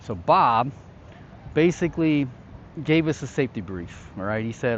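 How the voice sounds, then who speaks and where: A man's voice: medium pitch, animated, normal speed, slight background noise. Man telling a war story, lo-fi. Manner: conversational, checks in often with the listener. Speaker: host recounting his past as a security contractor. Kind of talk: casual storytelling to camera. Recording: slightly dull, lo-fi sound.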